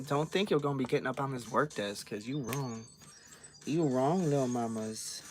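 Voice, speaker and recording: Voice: mid-range voice, normal speed, darkish tone, a little hiss or hum. A vlogger chatting casually on a livestream while customizing dolls, playfully scolding a cat.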